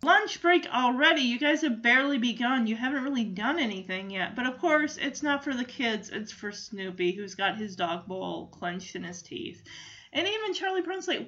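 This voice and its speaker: A chatty, opinionated woman with a high voice casually retelling a cartoon special. She talks with lots of fillers and asides. The recording is dull and lo-fi. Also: lively intonation, normal speed, pushed and bright. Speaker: commentator.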